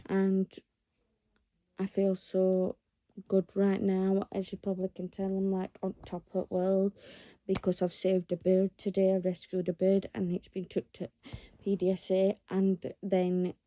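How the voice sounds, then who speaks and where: A woman talks to her viewers in an unhurried, rambling vlog, earnest and encouraging. Her voice is deep-toned and very mellow, with little rise and fall. It sounds close and dry, with no room around it. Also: completely flat delivery, no echo. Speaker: vlogger. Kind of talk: casual talk to camera.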